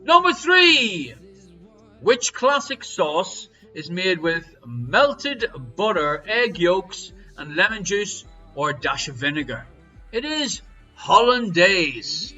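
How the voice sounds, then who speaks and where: A man hosts a live online quiz with a high, bright voice. He reads out questions with jokey showman patter and sudden loud calls of each number. Faint music plays behind him. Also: big pitch swings, slow pace, muffled recording. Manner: jokey, showy quizmaster patter with big swings in loudness. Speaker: quiz host. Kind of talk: live-streamed pub quiz hosting. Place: home streaming setup.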